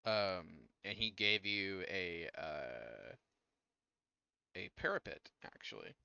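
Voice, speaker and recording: A man running an online tabletop game as game master, talking casually in a halting way with lots of fillers. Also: sits low, sing-song, vocal fry, pushed and bright, no echo, lo-fi sound. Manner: halting, many fillers and restarts.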